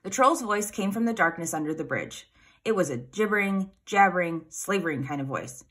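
A woman reading a children's fairy tale aloud in an expressive, animated way. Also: lowish voice, normal speed, husky. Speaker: storyteller.

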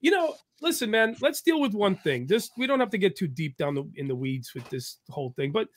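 A man's voice: high voice, very animated, a little fast. A man hosting a podcast interview, joking around, laughing easily and asking blunt questions. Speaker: podcast host. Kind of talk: casual interview chat.

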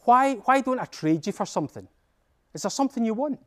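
An eager, cheeky boy, put on by a Scottish man chatters brightly and politely, his voice bouncing high. A storybook hero running errands for one creature after another. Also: lively intonation, fairly quick.

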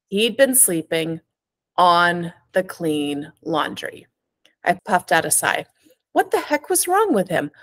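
A woman author, reading her own fiction expressively over a video call from home, then chatting. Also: no room sound. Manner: expressive reader with sharp rises in pitch on dialogue. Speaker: author and guest. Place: home with a cat.

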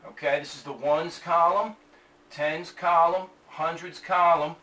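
Male math teacher, high bright voice, joking manner; echoey classroom, mic a bit far off. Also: steady tone, a little slow. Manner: chatty, tells jokes between steps. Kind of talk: classroom math lesson with jokes. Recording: echoey room, mic at a distance, faint hiss.

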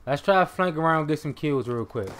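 Excitable young man, gaming commentary. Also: fairly high pitch, fast talker. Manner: excitable, swears, bursts into shouts. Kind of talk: live gameplay commentary.

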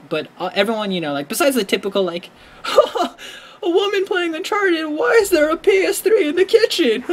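A man giving casual gameplay commentary, rambling and excitable, leaning on "like" constantly. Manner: rambling, excitable, heavy use of "like"; bursts into high squealing when quoting himself.

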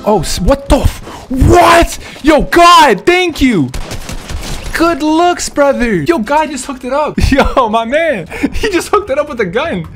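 Excitable young man yelling over gameplay. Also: extremely high pitch, takes it slowly. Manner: excitable, laughing, yelling at opponents. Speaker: gaming YouTuber. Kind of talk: gameplay commentary. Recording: game music and gunfire behind.

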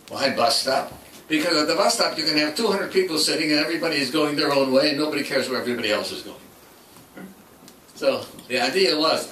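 An older man speaks to an audience, telling his story and voicing the people in it. His voice is bright and a little high for a man. He sounds far from the mic in an echoey hall with faint noise behind him. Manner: anecdotal, acts out quoted dialogue. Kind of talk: public talk with storytelling.

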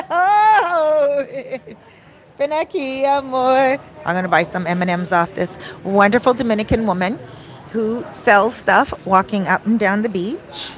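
A woman vlogger telling a story in a casual, animated way, outdoors near a beach. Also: mid-range voice, moderate pace. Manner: animated, acts out quoted dialogue. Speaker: vlogger and life coach.

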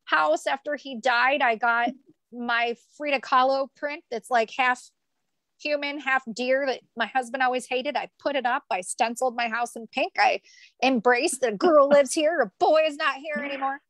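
Young woman guest, high-ish voice, dry close recording, heartfelt and repetitive for emphasis. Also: normal speed, a bit bright, no room sound. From United States. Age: young adult. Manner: earnest, repeats phrases for emphasis. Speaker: podcast guest, author. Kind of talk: emotional personal storytelling.

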